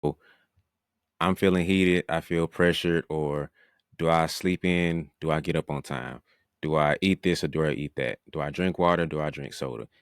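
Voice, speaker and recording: Deep-voiced man host in a dry room. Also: fairly even intonation, moderate pace, smooth, no room sound. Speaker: podcast host. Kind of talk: interviewing, reflective questions.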